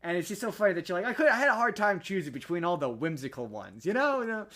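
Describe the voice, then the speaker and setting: A young man co-hosting a podcast in casual chat, chatty and quick to react. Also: sits high, sing-song, fairly bright tone. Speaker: podcast co-host.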